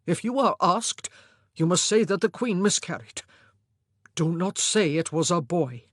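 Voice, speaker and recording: A woman's voice: on the low side, animated, measured pace, no echo, clean studio sound. A woman voicing a proud, commanding middle-aged Tudor king with a stern delivery.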